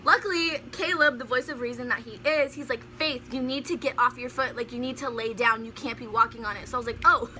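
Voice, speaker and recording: Bright, high-voiced young woman storyteller. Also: quick pace, hardly any pauses, a little hiss or hum. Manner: animated, laughing storyteller. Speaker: vlogger. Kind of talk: storytime vlog.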